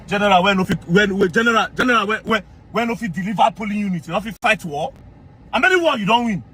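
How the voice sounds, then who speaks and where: A man with a Nigerian accent, ranting in mocking commentary and often shouting. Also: sits high, animated, fast talker, background noise.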